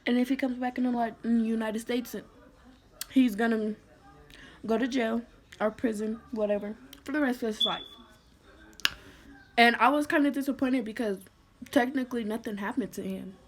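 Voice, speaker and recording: A young woman vlogger telling a personal story in a somber, halting way, full of "like" fillers and restarts. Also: on the high side, steady tone. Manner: somber, emotional retelling. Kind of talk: storytime vlog.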